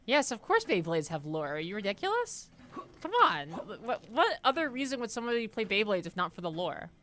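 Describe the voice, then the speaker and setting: A woman's voice: mid-range voice, sing-song, fairly quick, a bit bright, slight background noise. A young woman streaming a horror game, rambling and joking casually with her chat between moments of play. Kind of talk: casual gameplay commentary.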